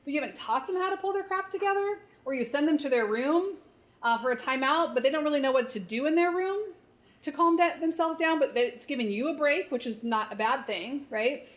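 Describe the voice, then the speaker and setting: Higher-voiced woman coaching a workshop. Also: expressive, fairly quick. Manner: conversational, coaching, frequent "right?" check-ins. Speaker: child therapist leading a parent workshop. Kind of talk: live workshop talk.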